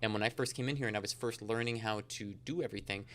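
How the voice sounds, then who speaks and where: Fast-talking man, crisp clear voice. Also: lowish voice, fairly bright tone. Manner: fast, rambling storyteller with many fillers. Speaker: insurance agent guest. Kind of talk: casual podcast interview.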